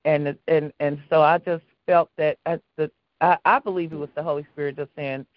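A woman's voice: deep voice, fairly even intonation, brisk, no room sound, muffled recording. A woman calling in to a prayer line, telling stories earnestly and often repeating her words. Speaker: caller. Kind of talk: call-in prayer request.

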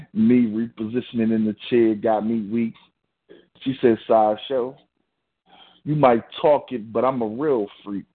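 A man performing a slow, sensual spoken-word poem as host, speaking deliberately. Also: mid-range voice. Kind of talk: spoken-word poetry reading. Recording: tinny phone-line sound.

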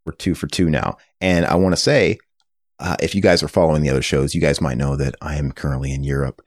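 A man hosting a casual podcast chat across a table, energetic and rambling with fillers. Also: very deep voice, quick pace, no echo, studio quality. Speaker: podcast host. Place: table in a room.

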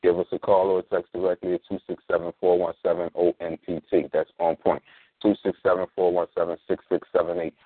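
A man hosting a casual talk radio show, plugging events in a relaxed, slangy way. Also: deep voice. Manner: laid-back slangy promos, spells things out slowly. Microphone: sits in a squeaky reclining chair. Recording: dry tinny phone-like line.

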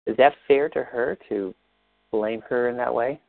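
Gravelly-voiced man coaching gently over a call. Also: medium pitch, unhurried, dry recording, narrow, tinny audio. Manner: gentle, probing questions. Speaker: life coach leading a session. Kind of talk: guided coaching session.

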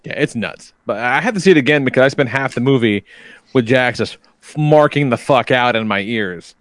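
A man's voice: medium pitch, brisk, dry recording. A man in his thirties, a podcast host telling stories in a loose, profane casual chat. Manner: profane, animated storyteller.

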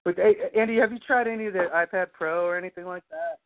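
Over tinny, phone-like audio, a man hosts a podcast in a fast, high-sitting voice. The chat is casual and rambling, he swears nonstop, and "you know what I mean" comes up repeatedly.

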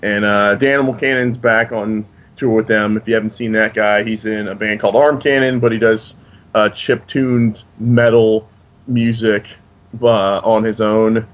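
A man co-hosting a comics podcast, announcing upcoming events in a relaxed way with many fillers. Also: fairly low pitch, measured pace. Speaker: podcast co-host. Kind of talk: casual chat.

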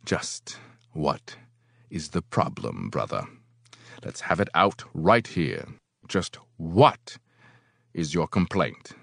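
A man's voice: a bass voice, very animated, slow, gravelly, long pauses, a bit bright, no echo, studio quality, full character voice. A man voicing a sarcastic, domineering leader. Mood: cold mocking. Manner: sarcastic, explosive, commanding. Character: domineering male organization leader, sarcastic and forceful.

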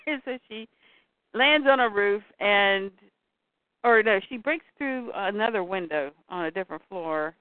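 A woman in casual chat, retelling a comic story and acting out the characters' lines in quick voices. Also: medium pitch, animated, no room sound. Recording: dry tinny phone-like sound.

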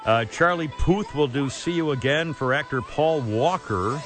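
A brash, joking man hosts talk radio and laughs often. His voice swings widely and sits fairly high. Faint music plays behind him. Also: animated, unhurried. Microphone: studio microphone.

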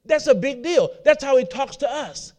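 Man preaching, high voice, repeats himself, rhetorical questions. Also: lively intonation, normal speed, a little mellow. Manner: repetitive, asks the audience rhetorical questions. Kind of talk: sermon.

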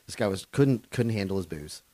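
Male stand-up, lowish pitch, profane and rambling, dry hotel-room interview. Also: lively intonation, fairly quick, dark tone, no echo. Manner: rambling, profane, lots of fillers and restarts. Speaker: touring comedian guest. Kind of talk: casual storytelling in an interview.

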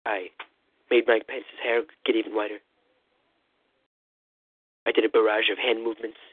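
A man doing a comic impression of a rambling, boastful male president, calling in over a phone line with a husky voice. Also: fairly low pitch, little pitch movement, moderate pace, dry recording. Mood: blustering. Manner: rambling, repetitive "listen", boastful bluster. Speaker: comedy caller. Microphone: phone call-in. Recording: tinny phone line, dry.

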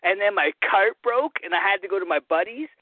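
A man's voice: high voice, fairly quick, no echo. A man rambling through jokey stories as a call-in guest on a casual chat show, boisterous and loose. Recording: tinny phone line.

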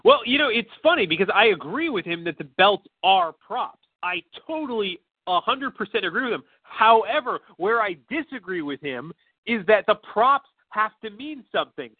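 A man's voice: sits high, big pitch swings, normal speed, breathy edge, no echo. Rambling man on a tinny line. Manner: rambling, profane, full of fillers and impressions. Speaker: podcast co-host. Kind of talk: casual chat. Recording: tinny phone-like line, dry.

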